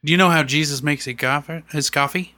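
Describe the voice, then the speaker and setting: A man's voice: on the high side, fairly quick, pushed and bright. A man co-hosting a casual podcast chat, joking, punning and laughing often.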